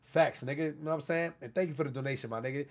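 A young man from New York, streaming live and loudly calling out donors in heavy street slang. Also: on the high side, very fast. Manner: loud, hyped shout-outs to donors in heavy street slang. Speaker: livestreamer. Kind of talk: casual livestream chat reading out donations.

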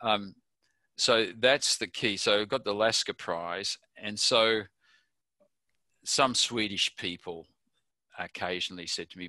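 A man's voice: on the low side, unhurried, long pauses, sharp tone, dry recording. An older Australian man being interviewed, telling a chatty anecdote and chuckling at his own story. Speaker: interview guest.

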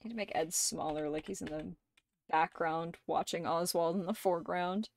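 A young adult woman streamer in casual chat, gushing like an excited fan and swearing and laughing often. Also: lowish voice, moderate pace.

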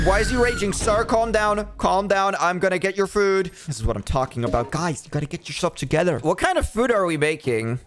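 A man giving casual, excitable game commentary as he plays, joking and talking to the characters on screen. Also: fairly high pitch. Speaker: gaming YouTuber.

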